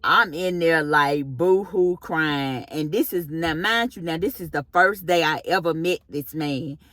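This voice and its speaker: Brief: expressive female storyteller, lowish voice, slow delivery, dry close sound. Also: dry recording. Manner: animated, expressive storyteller with casual slang. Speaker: vlogger. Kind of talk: storytime monologue.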